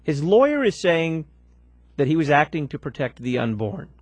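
A man hosts a radio talk show, running through upcoming segments and putting questions to his guest in a smooth, practiced announcer's manner. His voice has a slightly husky edge, and the sound is close and dry. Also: a little high, big pitch swings, normal speed, dry recording.

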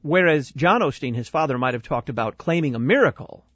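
A male host giving measured, critical commentary on a sermon. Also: medium pitch, fairly bright tone, no echo, dull audio. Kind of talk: analytical commentary.

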